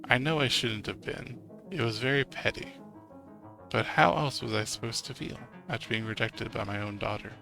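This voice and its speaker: A man's voice: medium pitch, normal speed, gravelly, over music, close to an everyday voice. A man voicing a weary, regretful mother. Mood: confessing. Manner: sighing, soft-spoken.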